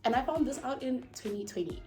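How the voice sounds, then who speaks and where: A young woman with a South African accent talks through a personal story in her room, her voice pitched a little high and her delivery animated and unfiltered. She swears easily and drifts off her point now and then. Soft music plays faintly behind her. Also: quick pace. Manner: animated, chatty, swears freely, trails off. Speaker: vlogger. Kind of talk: casual storytime.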